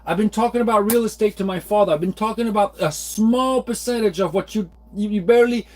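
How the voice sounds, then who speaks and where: A man's voice: high voice, brisk, darkish tone. A man in his forties, rambling in an exasperated way in a casual monologue, with many restarts. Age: 40s. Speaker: vlogger.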